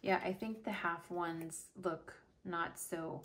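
A middle-aged woman chatting through a long personal story while decorating her planner at home, lively and casual, dropping to soft murmurs as she works. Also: lowish voice, slow. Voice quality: animated, chatty, drops to murmurs while working. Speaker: planner vlogger.

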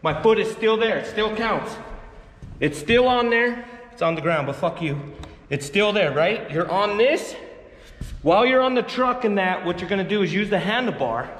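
A man's voice: sits high, animated, moderate pace, a bit bright. A man casually talking through a skateboard trick in an indoor skate park, frustrated and swearing often. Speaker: skateboarding vlogger. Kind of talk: casual tutorial vlog. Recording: echoey hall with long reverb, faint noise.

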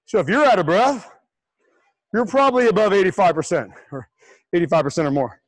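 Breathless, lively male fitness coach. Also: high voice, a little fast, dry recording, poor audio. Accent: American. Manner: energetic, encouraging, counts down reps. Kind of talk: livestream workout coaching.

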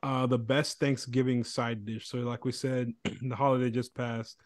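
A jokey, excitable man trading banter as a podcast co-host. His voice sits mid-pitch and sounds close and dry, with no room around it. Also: normal speed, dry recording. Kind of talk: casual chat.

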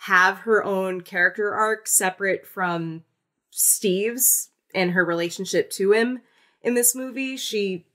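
A woman co-hosting a podcast, chatting casually about a film in an animated, rambling way full of restarts. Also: medium pitch, slow. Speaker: podcast co-host. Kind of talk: casual film-review chat.

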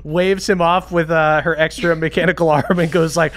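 A man's voice: fairly high pitch, flat delivery, normal speed, fairly bright tone. A man running a comedic tabletop game as game master, casual and laughing, swearing freely.

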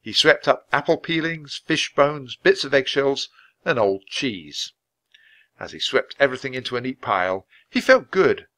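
A man reading a children's chapter book aloud at a natural, clear pace. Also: mid-range voice, animated, moderate pace, bright, forceful tone. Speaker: storybook reader.

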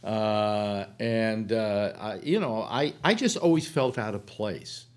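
A man's voice: lowish voice, slow. An older man from California hosting a casual on-air conversation, rambling with many fillers like "uh" and "you know.". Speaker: radio show host.

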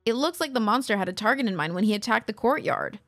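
Young woman let's player: sarcastic, lively, game music behind. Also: on the high side, fast, no room sound, clean studio sound. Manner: chatty, sarcastic, swears freely. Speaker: let's play streamer. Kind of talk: casual gameplay commentary.

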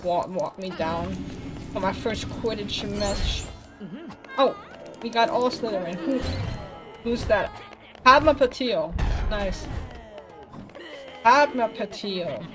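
A woman casually commenting on a video game as she plays, chatty and easily excited, talking to the characters on screen. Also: mid-range voice, takes it slowly, pauses often, over music. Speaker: let's play gamer.

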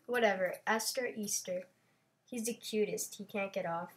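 A woman's voice: medium pitch, normal speed. A young woman casually chatting while playing a block-building game, playful and a bit self-conscious. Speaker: Minecraft channel host. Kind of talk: casual gameplay chat.

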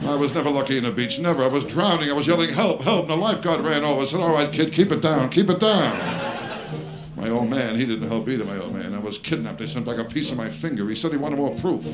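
A man's voice: mid-range voice, expressive, very fast, few pauses. A man doing a stand-up comedy routine, firing off exasperated, self-deprecating one-liners on a live stage. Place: stage before a live audience. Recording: live show with band and audience laughter.

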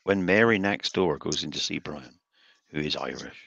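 A man's voice: rumbling low, expressive, normal speed, creaky, a bit bright, no echo, highs cut off. An older man co-hosting a woodturning livestream, bantering with dry, teasing humor. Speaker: livestream co-host. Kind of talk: casual banter.

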